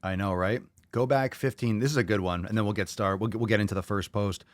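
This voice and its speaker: A man's voice: lowish voice, steady tone, quick pace, no echo. A male podcast host talking in a casual, profane, fired-up rant to his live audience. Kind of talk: casual livestream podcast chat.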